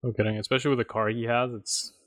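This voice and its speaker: Brief: easygoing male podcast co-host, quick to laugh, average pitch, dry mic. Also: flat delivery, fairly bright tone, dry recording. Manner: laid-back, laughs easily, short agreeing replies. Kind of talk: casual chat.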